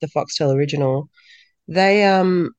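A woman, a podcast guest telling stories in a lively way and acting out dialogue. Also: low voice, unhurried, no echo, dull audio. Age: 30s. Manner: lively storyteller who acts out quoted dialogue. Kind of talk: casual interview chat.

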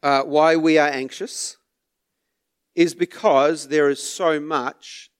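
Male pastor mid-sermon; higher register, takes his time, chuckles softly between points. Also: fairly even intonation, clean tone. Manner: unhurried, with soft laughs and repeated words.

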